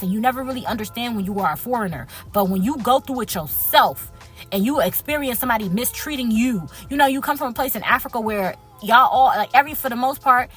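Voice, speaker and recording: A woman's voice: on the high side, fairly bright tone. A young woman tells a personal story to her viewers in a casual vlog. She sounds earnest and hurt, stopping and restarting often and addressing them as "y'all.". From Liberia. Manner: speaks straight to viewers as "y'all". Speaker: healthcare worker telling her story.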